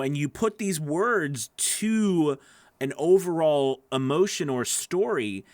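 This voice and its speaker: A man teaching audiobook narration in a loose, animated way, acting out sample readings and often restarting his sentences. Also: fairly high pitch, no room sound. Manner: animated, demonstrates readings, many fillers and restarts. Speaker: voice-over coach. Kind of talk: teaching talk to camera.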